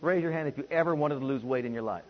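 A man preaching a sermon to a congregation, calling for responses and swinging between loud and hushed delivery. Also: medium pitch, racing. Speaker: pastor. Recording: dull lo-fi recording.

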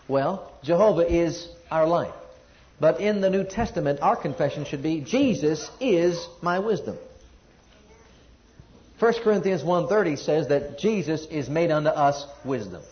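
A man delivers a sermon in a fairly high voice, reading scripture and then pressing his points home with emphatic repetition. He calls on listeners to answer back. The recording is dull and lo-fi. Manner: emphatic, repetitive preaching with call-and-response. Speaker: preacher.

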